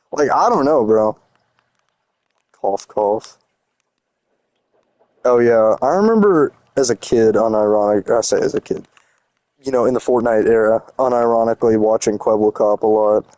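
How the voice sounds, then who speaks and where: A man's voice: on the low side, measured pace, pauses often, a little mellow, no echo. A young man streaming a game, chatting casually and teasing his chat in slangy, rambling talk while he builds.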